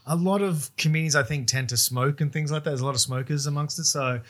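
Rambling, laughing comedian man, slightly high. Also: fast talker, fairly bright tone. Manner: rambling, laughs often, swears casually. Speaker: podcast co-host, stand-up comedian. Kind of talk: casual chat.

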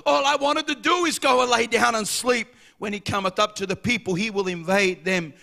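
A man preaching a sermon as pastor, impassioned, swelling to shouts and dropping low, and calling the congregation to answer back. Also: fairly even intonation, moderate pace, gravelly, few pauses. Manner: calls for congregation responses.

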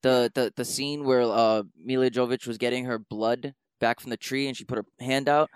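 A man co-hosting a podcast, chatting casually about a movie, excitable, restarting often and rising into incredulous outbursts. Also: medium pitch, normal speed, smooth, no echo. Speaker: podcast co-host. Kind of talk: casual movie review chat.

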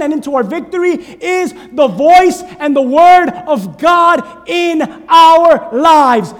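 High-voiced preacher in a reverberant hall. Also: male voice. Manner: fervent preaching with call-and-response urging. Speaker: pastor. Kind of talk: sermon.

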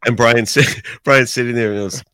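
A man's voice: mid-range voice, moderate pace, clean tone, dry recording, clean studio sound. A man in his sixties with a New York accent, telling stories in a casual chat and acting out the people he quotes. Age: 60s. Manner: animated storyteller, acts out quotes. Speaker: radio DJ guest. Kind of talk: casual storytelling.

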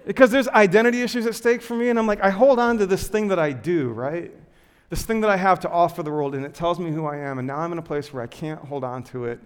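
A man giving a sermon, telling a self-deprecating personal story in a lively way with lots of filler words before turning to teaching. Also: high voice, quick pace, clean tone, in a large hall. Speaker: pastor.

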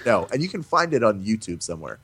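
A man being interviewed, chatting casually and telling animated stories about doing voices. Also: fairly low pitch, quick pace, husky. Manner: animated storyteller, breaks into playful voices. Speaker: voice actor guest.

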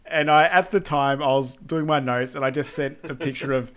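Male podcast co-host, mid-pitched, rambling casual recap full of fillers. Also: steady tone, a bit bright. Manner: rambling with many fillers and quick asides. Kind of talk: casual film recap chat.

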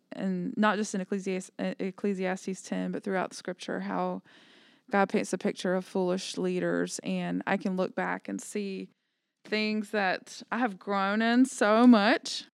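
A woman's voice: mid-range voice, gravelly, clean tone, no room sound, clean studio sound. A woman co-hosting a casual faith discussion, speaking in a thoughtful, reflective way. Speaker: podcast co-host.

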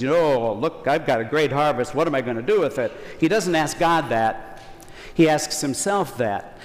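Folksy preacher in a reverberant church. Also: male voice, on the high side. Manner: conversational, folksy preaching with acted-out quotes. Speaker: priest. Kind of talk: Sunday homily.

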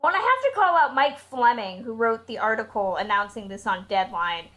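Outspoken, fairly high-voiced woman podcaster. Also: expressive, normal speed, pushed and bright. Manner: emphatic, blunt, swears freely. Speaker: podcast co-host. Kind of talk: casual opinionated chat.

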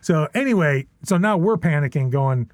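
A man's voice: fairly high pitch, expressive, moderate pace, a little mellow, dry recording. A middle-aged man telling stories as a podcast guest. He rambles and restarts a lot, tags his sentences with questions, and swears often. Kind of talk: casual storytelling.

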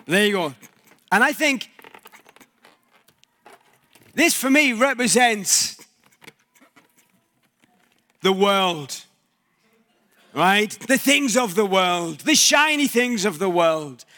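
A man's voice: high-pitched, lively intonation, slow pace, long pauses, sharp tone. A male pastor giving a conversational sermon in a church, using props and everyday examples.

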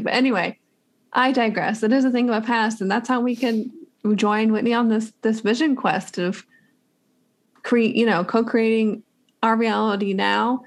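A woman's voice: fairly high pitch, fairly even intonation, moderate pace. A woman hosting a podcast, thanking her guest in an effusive, gushing way. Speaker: podcast host. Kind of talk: casual interview chat.

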